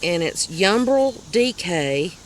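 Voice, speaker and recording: A woman with a Southern US accent hosting a crochet video podcast, chatting casually and rambling as she shows her finished projects, quick to laugh at herself. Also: fairly low pitch, sing-song, slight background noise. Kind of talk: casual show-and-tell chat.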